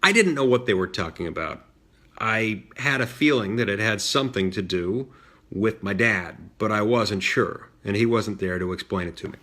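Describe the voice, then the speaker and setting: A middle-aged man telling a personal story in a measured way, with frequent fillers and restarts. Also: fairly low pitch, lively intonation, sharp tone. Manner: measured, many fillers and restarts, mimics voices in quotes. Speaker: senator recounting a childhood story. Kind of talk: storytelling monologue.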